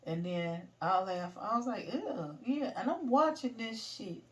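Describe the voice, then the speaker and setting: Animated woman telling a funny story. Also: mid-range voice, a little slow, recorded from a distance. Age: middle-aged. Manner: animated, laughing, swearing. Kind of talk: casual storytelling.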